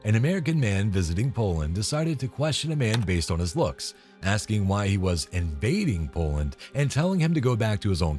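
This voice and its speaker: A man's voice: fairly low pitch, a little mellow. A man reading scripted narration for a video compilation, matter-of-fact and scornful. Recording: faint background music.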